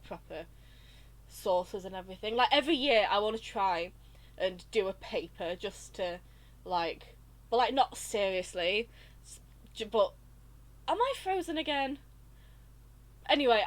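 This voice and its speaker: Lively, chatty woman streamer. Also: medium pitch. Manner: chatty, gushing, rambling, laughs easily. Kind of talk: casual live-stream chat over gameplay.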